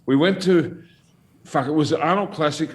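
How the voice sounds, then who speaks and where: A man's voice: fairly high pitch, normal speed. A middle-aged man telling an old story at a casual round table, swearing freely and laughing as he goes. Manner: animated, profane, laughs through his stories. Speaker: guest storyteller.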